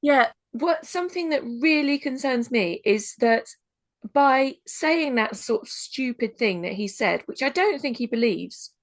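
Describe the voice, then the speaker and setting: A woman's voice: sits high, lively intonation, a little slow, no room sound. A woman co-hosting a podcast, chatting casually with an emphatic, indignant manner. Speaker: podcast co-host. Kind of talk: casual chat.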